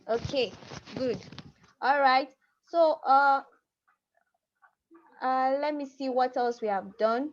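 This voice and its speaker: A woman's voice: high voice, takes it slowly, long pauses. A woman teaching a language class over a video call, patiently repeating words and prompting her students. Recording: muffled video call audio.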